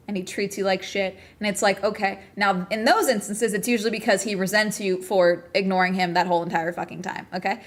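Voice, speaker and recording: A woman's voice: mid-range voice, steady tone, fairly quick, hardly any pauses. A woman streamer in casual livestream chat, still agitated and ranting with lots of swearing and bursts of laughter.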